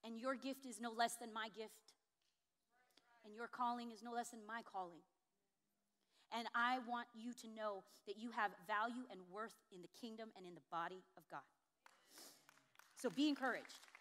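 A woman pastor preaching a sermon, expressive, building to emphatic high peaks. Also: moderate pace, long pauses.

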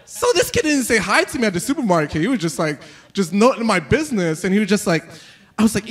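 Onstage before a live crowd, a male comic talks fast in a high-sitting voice. He rambles energetically, piles on filler words, and abruptly breaks into over-the-top character voices.

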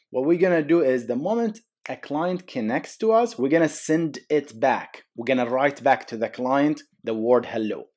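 A man's voice: medium pitch, a little mellow. A man hosting a casual coding tutorial, walking through code on screen with jokey asides and frequent "okay?" and "guys". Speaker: programming tutorial host.

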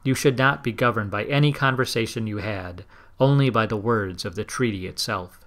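A man reading the part of a male government agent who speaks calmly and formally. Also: fairly low pitch, moderate pace, natural voice. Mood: stern. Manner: calm, formal, official.

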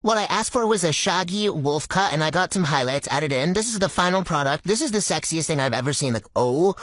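A woman's voice: lowish voice, lively intonation, brisk, few pauses, no room sound. A young woman narrating a casual vlog in a sassy, self-mocking way. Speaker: skit creator.

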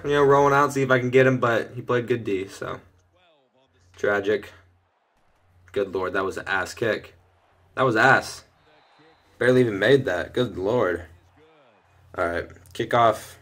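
A young man casually commenting on his own gameplay from his bedroom, chatting through each play and getting loud and excited when things go well. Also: medium pitch, normal speed, pauses often. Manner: excitable, shouts and laughs at big plays. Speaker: gaming video host. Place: bedroom at home.

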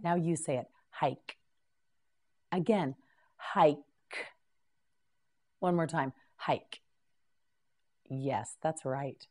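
Female vocabulary teacher, lowish voice, very slow and deliberate, clear repetition drill. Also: dark tone.

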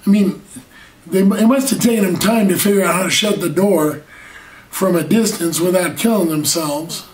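A man with a high-pitched voice preaches earnestly at normal speed, drawing out key words and asking rhetorical questions. The mic sits far away in an echoey room.

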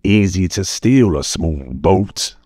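Gotrek: man doing curt one-eyed dwarf, deep, dry close mic. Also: animated, slow pace, dark tone, no room sound, exaggerated voice. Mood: gruff. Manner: curt, blunt, few words. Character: gruff one-eyed male dwarf warrior, blunt. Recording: dry close mic, faint music bed.

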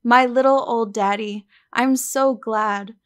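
A woman's voice: a little high, slow pace. Woman reading Eppie, a playful young daughter. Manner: lively, coaxing and sweet. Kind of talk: audiobook reading.

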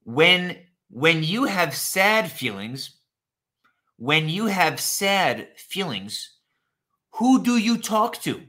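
Male online English teacher, very slow and lively, bright tone, repeats each phrase. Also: high-pitched. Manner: slow, repetitive, animated teacher talk, answers chat questions. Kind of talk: live online English lesson.

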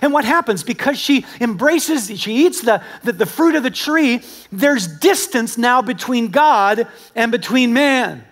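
A male pastor preaching a sermon in a conversational, animated storytelling manner, talking directly to his congregation. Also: very high voice, unhurried. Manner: animated storytelling with acted-out quotes. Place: church service with a congregation.

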